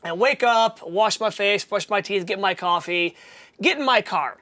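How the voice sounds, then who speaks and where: Casual podcast host, a woman in mid-range pitch, lively storyteller who acts out the other voices. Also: moderate pace. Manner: animated, acts out quoted voices.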